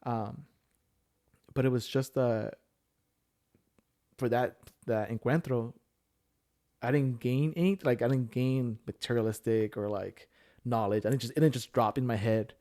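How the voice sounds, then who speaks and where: A man's voice: medium pitch, a little slow, pauses often, warm tone. A man, telling a personal story in casual chat, full of fillers and restarts. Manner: rambling storyteller with many fillers. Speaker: podcast guest sharing his story.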